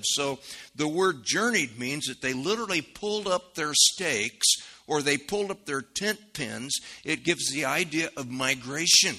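Midwestern man preaching a sermon, explains things in a folksy, chatty way, with a piercing, breathy tone. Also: mid-range voice, pushed and bright. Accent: Midwestern American. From American Midwest. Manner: explanatory and conversational, with folksy asides. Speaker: Bible teacher.

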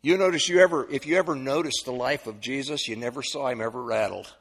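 A man preaching a sermon, folksy and animated, moving between loud, high exclamations and soft, low asides. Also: fast talker. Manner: folksy, repeats words, chuckles often. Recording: long reverb of a church hall.

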